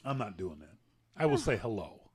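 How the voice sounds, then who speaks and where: Man, canadian accent, middle-aged, casual podcast chat, mock-exasperated, very expressive pitch. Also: normal speed, breathy edge. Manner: animated, joking, mock-exasperated. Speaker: podcast host.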